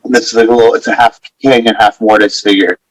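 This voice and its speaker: A man's voice: on the low side, quick pace, crowd noise, poor audio. A man, a guest on a podcast, telling rambling stories in a casual chat and acting out what others said. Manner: rambling, animated storyteller acting out quotes. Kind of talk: casual storytelling.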